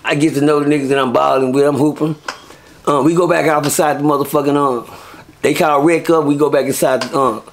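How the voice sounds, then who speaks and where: A man, a guest in an interview, telling stories in a casual, profane and animated way. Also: fairly high pitch, a little fast. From Texas. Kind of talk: casual storytelling.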